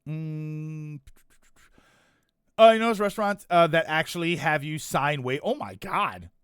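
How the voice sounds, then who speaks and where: Casual male streamer, higher-pitched, meandering and self-correcting delivery, dry close mic. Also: animated, unhurried, a bit bright, clean tone, no room sound. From United States. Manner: rambling, self-correcting, chuckling asides. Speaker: streamer chatting with viewers. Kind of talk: casual chat reading chat comments.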